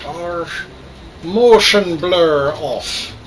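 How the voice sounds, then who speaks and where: A man's voice: on the high side, very slow, fairly bright tone, slight background noise, low-quality recording. Man hamming up a fake Irish accent. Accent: put-on Irish. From Canada. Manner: jokey, self-mocking. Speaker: gamer. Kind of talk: gameplay commentary.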